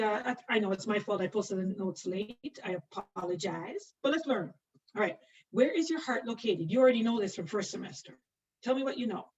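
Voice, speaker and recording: Middle-aged woman, nursing lecturer, high-ish voice, chatty and laughing, lo-fi muffled recording. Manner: chatty, laughs often, answers students by name. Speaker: nursing instructor. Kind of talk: live online anatomy lecture. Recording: distant, dull lo-fi mic.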